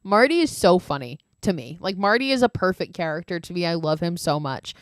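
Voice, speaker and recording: A woman's voice: lowish voice, animated, brisk, clean tone, no echo. A woman hosting a podcast, casually recapping a film with lots of swearing and gushing asides. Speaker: podcast host.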